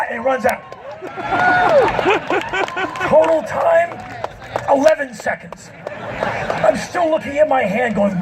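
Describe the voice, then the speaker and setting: Guy doing spoken word on a festival stage, high voice, punchy and self-mocking, faint hiss behind. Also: slow pace, pauses often, a crowd in the background. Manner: animated, self-mocking, often shouting. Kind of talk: live comic storytelling.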